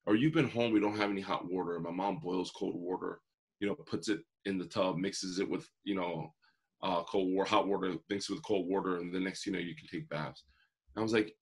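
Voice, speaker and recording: A man's voice: deep voice, fairly even intonation, brisk, vocal fry, slightly rough. A man in his forties, a guest telling his life story in an earnest, vivid way. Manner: earnest, vivid storyteller who acts out quotes. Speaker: guest, motivational speaker. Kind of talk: personal storytelling in an interview.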